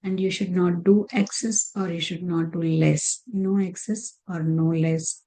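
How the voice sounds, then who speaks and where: A woman's voice: on the low side, steady tone, measured pace, mellow, low-quality recording. A woman teaching a recitation lesson over slides, patiently repeating terms and counts.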